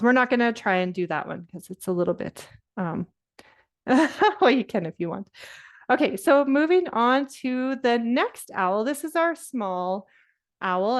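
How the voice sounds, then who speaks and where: A woman's voice: mid-range voice, lively intonation, a little slow. A woman presenting a nature lesson to children over a video call, upbeat and encouraging, with laughs and fillers.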